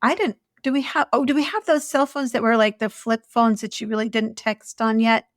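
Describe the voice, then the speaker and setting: A woman's voice: on the high side, fairly even intonation, brisk, no echo, studio quality. A woman co-hosting a podcast, chatting casually, laughing easily and recalling stories. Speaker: podcast co-host, former escort. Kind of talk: casual chat.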